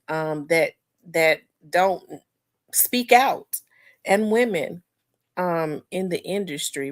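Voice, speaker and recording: Congested woman chatting on a livestream. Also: fairly low pitch. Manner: conversational, rambling with many fillers and restarts, addresses viewers as y'all. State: congested, clearing throat. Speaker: livestream host. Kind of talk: casual livestream commentary, reading chat.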